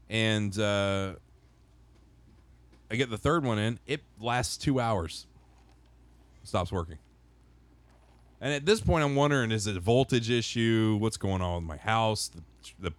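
A man's voice: lowish voice, no echo. A man co-hosting a casual podcast, telling a long rambling anecdote with many restarts. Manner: rambling, self-correcting anecdote. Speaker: podcast co-host. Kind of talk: casual chat, storytelling.

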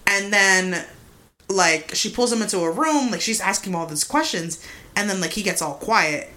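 A woman's voice: mid-range voice, lively intonation, normal speed, pushed and bright. A young woman co-hosting a podcast, retelling a true-crime case in a loose, profane chat full of "like" and "mind you". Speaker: podcast co-host.

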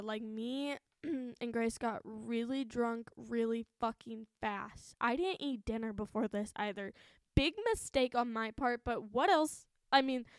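A woman's voice: fairly high pitch, clear, resonant tone, dry recording, studio quality. A woman in her twenties hosting a podcast, telling a story in a chatty, profane way and laughing often. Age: 20s. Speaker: podcast host. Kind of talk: casual storytelling.

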